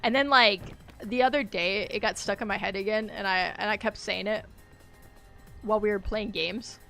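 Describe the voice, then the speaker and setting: A woman's voice: medium pitch, normal speed, gravelly, a bit bright, soft background music. A woman chatting casually on a game live stream, rambling, laughing often and reacting aloud to the game. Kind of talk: casual live-stream chat while gaming.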